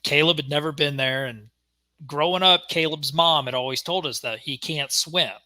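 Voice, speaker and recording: A young man co-hosting a podcast, telling a story in casual chat and acting out the shouted quotes. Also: on the high side, moderate pace, no room sound. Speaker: podcast co-host.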